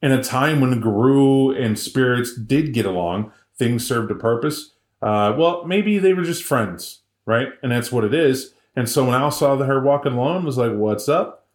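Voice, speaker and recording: A podcast co-host tells a story in a casual, lively way, cracking jokes along the way. His voice sits mid-range. The room adds a noticeable echo. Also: mid-range voice, moderate pace. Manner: animated, joking, full of voices.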